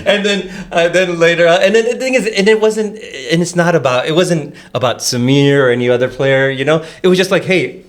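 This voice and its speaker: A young man, pitched a little higher than most, tells a story on a casual podcast. He laughs often, stumbles over repeated words and acts out what everyone said. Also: fairly quick, few pauses. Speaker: podcast host.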